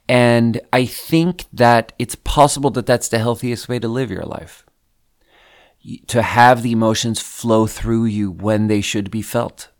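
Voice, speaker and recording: A man from Sweden co-hosting a podcast, talking candidly in a rambling, casual way and swearing freely. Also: mid-range voice. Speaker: podcast co-host. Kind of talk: casual reflective chat.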